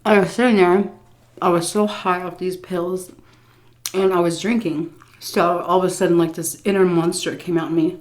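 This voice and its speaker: This woman vlogger speaks at a fairly low pitch, steady and a little mellow, at a moderate pace. Her casual story-time tale is blunt, profane, and full of laughter, told in an embarrassed, self-mocking confessional way.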